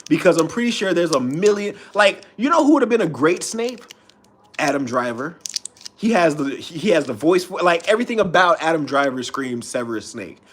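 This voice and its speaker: A man's voice: on the high side, sing-song, normal speed, slight background noise. A man streaming, ranting in a loose, profane way with frequent restarts. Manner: profane, rambling, restarts often. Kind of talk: casual rant.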